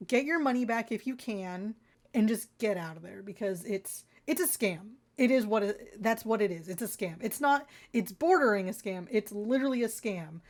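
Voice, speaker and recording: A woman with a somewhat high-pitched voice talks straight to her viewers in a vlog. She rants in an exasperated, rambling way, circling back over her points. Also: a little mellow. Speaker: vlogger. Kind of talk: ranting consumer-warning vlog.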